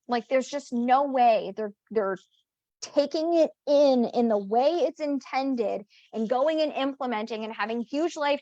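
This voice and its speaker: A woman's voice: high-pitched, dry recording. A woman business coach talking on a podcast, emphatic and blunt and swearing freely. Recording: dull lo-fi audio.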